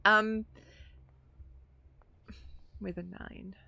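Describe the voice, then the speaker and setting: Woman running the game, bright clear voice, loose and jokey, lots of ums. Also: medium pitch, little pitch movement, drawn-out words, no echo. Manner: loose and joking, many fillers. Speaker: game master. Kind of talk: running a tabletop spy game.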